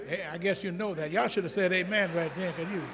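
Speaking fast in a high voice, a man delivers a blunt, folksy sermon straight to the congregation, rising to emphatic shouts. The church hall echoes, and there's noise in the background.

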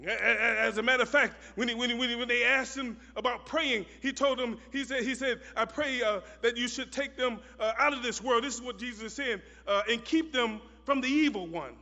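A high, bright-toned man preaches a sermon, hammering home repeated phrases and rising into shouted, chanted lines. His voice rings through a hall with a long reverb on a dull, muffled recording. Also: fairly quick, hardly any pauses.

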